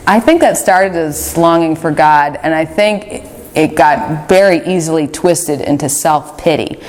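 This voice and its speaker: A woman's voice: deep voice, a little slow, darkish tone, big-room sound. A woman giving a spiritual talk to a group, telling her own experiences in a candid, conversational way with frequent fillers. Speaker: retreat speaker.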